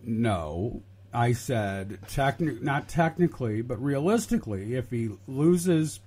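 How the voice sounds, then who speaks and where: A man co-hosting a political chat show, in a middle-pitched voice. He talks slowly and deliberately, with lots of "uh"s. He has a dry, mock-exasperated humor. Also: expressive, a little mellow, slightly rough. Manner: deliberate, wry, mock-exasperated, halting with many uhs. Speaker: political podcast co-host. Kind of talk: casual political banter.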